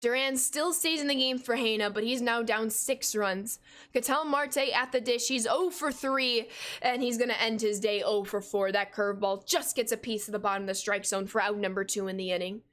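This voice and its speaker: A woman's voice: fairly high pitch, steady tone, normal speed, fairly bright tone. A woman in her twenties streaming, giving play-by-play commentary on a baseball game and answering her live chat in an upbeat, casual way. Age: 20s. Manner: upbeat, greets viewers with casual "yo".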